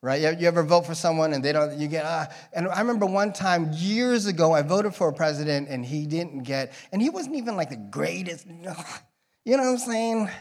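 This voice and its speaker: A man gives a relaxed, off-the-cuff sermon in church, his voice sitting a little high. He jokes with the congregation and drifts into tangents before pulling himself back. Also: moderate pace. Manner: rambling, joking, drifting into tangents. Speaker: guest preacher. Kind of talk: casual conversational sermon.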